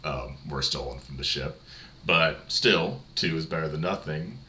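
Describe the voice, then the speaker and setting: Very deep-voiced Southern man running a game. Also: measured pace, pushed and bright. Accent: light Southern US twang. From Tennessee. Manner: rambling, laughs often, many fillers. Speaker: game master. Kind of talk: narrating a tabletop game, casual chat.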